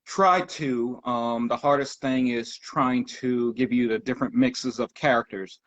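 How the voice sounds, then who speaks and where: A man talking casually as a podcast guest, pausing often with ums. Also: medium pitch, fairly even intonation, a bit bright. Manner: halting, many ums. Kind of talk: casual conversation. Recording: dull lo-fi audio.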